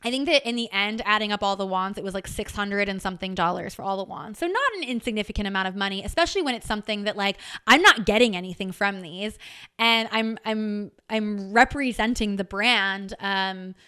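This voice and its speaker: A woman hosting a podcast, telling a personal story in a candid, animated way and swearing freely as she goes. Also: medium pitch, fairly quick, clear, resonant tone. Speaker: podcast host. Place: home.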